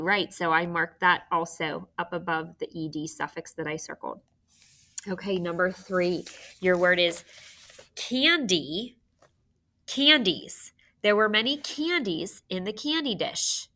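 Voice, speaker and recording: A woman teacher giving a phonics spelling lesson, dictating words and slowly spelling out letters for young students. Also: on the low side, bright, forceful tone.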